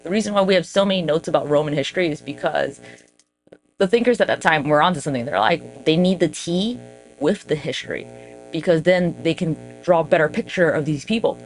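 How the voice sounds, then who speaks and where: A woman telling history as casual comedy, irreverent and profane, slipping into quick voices for the people she quotes. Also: low-pitched, animated, soft background music. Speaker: history storyteller.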